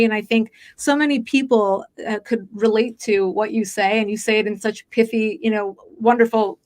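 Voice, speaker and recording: Woman, podcast host, chatty, fast, lots of fillers, mid pitch. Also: fairly even intonation. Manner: chatty, rapid with many fillers. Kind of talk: podcast interview. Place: Los Angeles.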